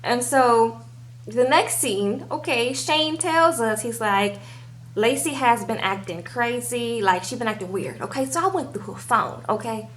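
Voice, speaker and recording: A woman's voice: a little high, lively intonation, a little slow, a bit bright, a little hiss or hum. Chatty young woman recapping reality TV. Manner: chatty, tags sentences with "okay?"; acts out the cast members' lines. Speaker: TV show recap vlogger.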